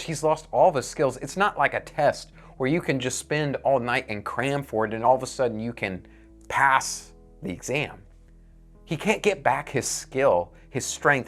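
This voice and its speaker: A man preaching, telling a moral parable in an earnest storytelling manner. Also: medium pitch.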